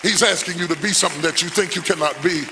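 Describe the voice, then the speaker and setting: A man's voice: fairly high pitch, fast talker, in a large hall, crowd noise, noisy background. A male preacher giving a sermon, emphatic and rhetorical, with repeated questions and phrases.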